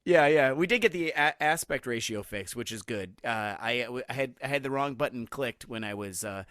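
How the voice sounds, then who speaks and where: A man hosting a podcast in an easygoing, rambling way, tripping over his words and circling back. His voice is bright and present, and it is recorded dry with no room sound. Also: mid-range voice, moderate pace, no room sound. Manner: rambling, lots of restarts and filler words. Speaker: podcast host. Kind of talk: casual chat.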